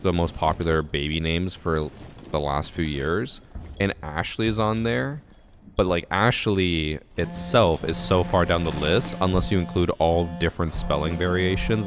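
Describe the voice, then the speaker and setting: Streamer, man in his 20s, booming low voice, swears freely while venting. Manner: profane, ranting storyteller. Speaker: live streamer. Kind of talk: casual chat on stream.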